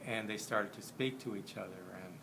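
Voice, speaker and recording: A man telling a story in a halting, unhurried way, with frequent pauses and fillers. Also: lowish voice, creaky, background noise. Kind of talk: spoken storytelling.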